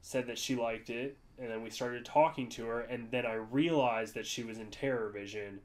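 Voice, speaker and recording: A man from the United States chats on a podcast at an ordinary middle pitch. He rambles through his stories in a loose, casual way. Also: steady tone, moderate pace, a little mellow. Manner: rambling storyteller, jumps to high-pitched voices for quoted people. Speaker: podcast co-host. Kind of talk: casual chat.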